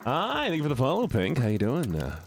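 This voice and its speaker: A man's voice: medium pitch, fairly quick. A man livestreaming a game, talking playfully to his chat and reacting to the story. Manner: playful, animated, talks to chat. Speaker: streamer. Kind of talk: live game stream commentary. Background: game music.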